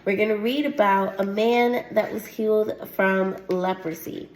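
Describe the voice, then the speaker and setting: A woman at a middle pitch preaches a heartfelt teaching sermon and reads scripture aloud. She punctuates her points with frequent "Amen"s and soft laughs. The room around her is echoey. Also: fairly even intonation, a little slow. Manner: earnest, repeats "Amen" often, laughs lightly. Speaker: host of a faith testimony show.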